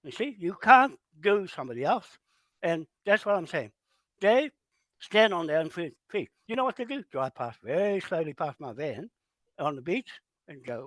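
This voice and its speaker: A man's voice: a little high, sing-song, normal speed, a bit bright, no room sound. A man hosting a meeting, telling his story with animation and indignation. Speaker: meeting host. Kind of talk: casual meeting talk. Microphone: phone or camera held close, turned to show the room.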